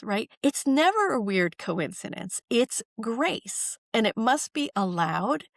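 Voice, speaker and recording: A woman's voice: a little high, slow pace, gravelly, no room sound, clean studio sound. Emphatic woman sharing spiritual stories. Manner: warm-hearted, emphatic, acts out quotes with lively emphasis. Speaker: podcast guest, author. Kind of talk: conversational storytelling.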